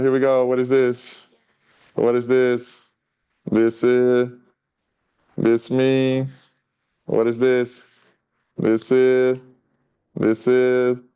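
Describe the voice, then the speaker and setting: A man reading a children's story and teaching signs to an audience in a relaxed, chatty way. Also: medium pitch, clean tone, dull audio. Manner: relaxed, chatty teaching talk with many fillers. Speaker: guest sign language teacher.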